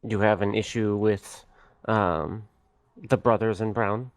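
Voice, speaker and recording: A reserved elf woman who studies magic, played by a man in his own low, slow voice. She picks her words formally and hesitantly, and the close, dry recording keeps every pause clear. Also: fairly even intonation, no echo. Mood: guarded. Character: tall female elf scholar of magic, reserved.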